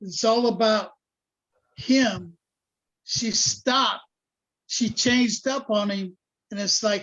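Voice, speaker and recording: A man's voice: sits high, slow pace, long pauses, fairly bright tone. Blunt, opinionated man giving advice. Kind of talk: casual chat. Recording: dull lo-fi sound.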